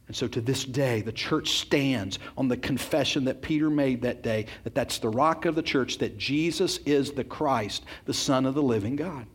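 A breathy-edged, mid-range male voice preaches at a moderate pace, rarely pausing. The sermon is earnest and forceful, marked by repeated words and questions put directly to the congregation.

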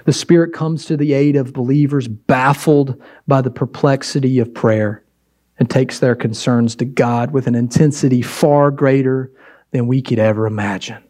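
A man's voice: mid-range voice, fairly even intonation, moderate pace, a little mellow. A pastor preaching a sermon, exhorting with repeated emphatic phrases and shifting his pace for effect.

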